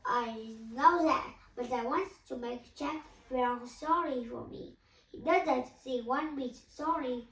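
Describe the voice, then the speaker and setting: A woman reading a first-person story aloud in a slow, emotional storytelling manner. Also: sits high, fairly bright tone. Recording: echoey room, voice from a distance.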